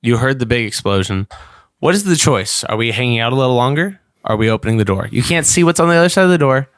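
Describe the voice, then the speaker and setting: Man, game master, smooth clear voice, dry close sound, steady descriptive narration. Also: medium pitch, fast, dry recording.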